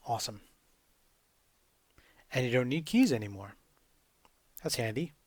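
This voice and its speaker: A man's voice: mid-range voice, lively intonation, a little slow, pauses often, slightly rough, dry recording, studio quality. A man casually commentating his gameplay with wry, sarcastic asides. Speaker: gamer commentating a speedrun.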